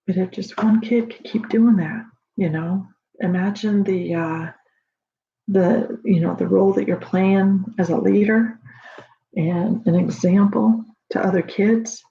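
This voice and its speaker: A mother in casual home video talk, rambling warmly with many fillers and restarts, proud of her daughter. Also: medium pitch, fairly even intonation, measured pace, gravelly, a little hiss or hum. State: emotional, near tears at times. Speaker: proud mother sharing a story. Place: home at night. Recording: dull lo-fi home recording.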